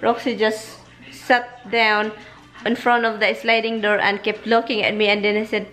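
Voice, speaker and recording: A woman's voice: medium pitch, flat delivery, normal speed, a bit bright, soft background music. A woman from the Philippines with a Filipino accent, chatting casually to the camera in a vlog, switching languages and laughing as she tells stories from home. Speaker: vlogger. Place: at home, then in a car.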